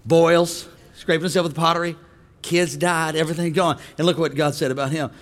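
A man preaching a comedic sermon to a live congregation, often shouting and mock-singing. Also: on the high side, a little fast. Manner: animated, shouting, mock-singing and laughing between lines. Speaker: pastor. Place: church hall with a live congregation.

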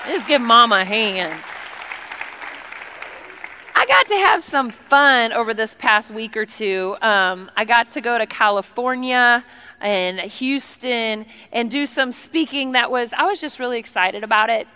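A woman gives a church talk full of funny everyday stories. She is animated, playful and chatty. Her voice is bright and sits a little higher than most women's. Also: unhurried, clean tone, some chatter behind. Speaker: church speaker. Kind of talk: humorous sermon storytelling.

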